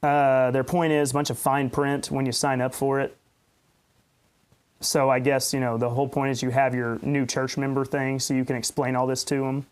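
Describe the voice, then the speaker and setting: A man's voice: medium pitch, little pitch movement, moderate pace, smooth. A man, a pastor hosting a podcast, rambling and ranting in unscripted commentary with sarcastic asides.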